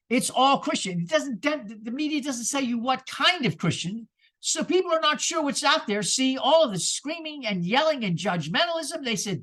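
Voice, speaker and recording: A man preaching a sermon as minister, animated and rhetorical, with sarcastic asides. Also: high voice.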